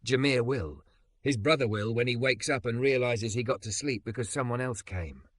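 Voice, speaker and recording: A man voicing a calm, patient male teacher who speaks gently and steadily. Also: normal speed, no room sound, lightly acted. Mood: gentle. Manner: gentle, steady, low-key.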